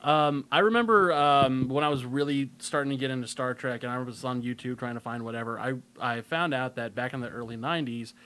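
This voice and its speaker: A man's voice: medium pitch, a little fast, hardly any pauses, fairly bright tone, clean tone. A man co-hosting a casual podcast chat, rambling and losing his train of thought. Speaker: podcast co-host.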